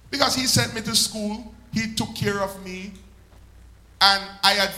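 A male pastor preaches in a high, bright, ringing voice. He swells up and then stretches words out slowly for emphasis. The sound bounces around an echoey church room. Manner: preaching with sudden swells and slow drawn-out emphasis. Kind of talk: sermon.

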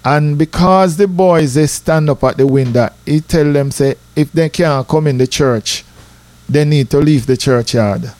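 Jamaican man, casual storytelling, somewhat high voice, dry close sound, animated. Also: a little slow, no room sound. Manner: animated, repeats "you know", rises in pitch for drama.

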